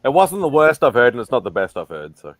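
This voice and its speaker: A man's voice: mid-range voice, sing-song, quick pace, no room sound. A man hosting a casual pop-culture hangout chat in an easygoing way, laughing often. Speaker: host.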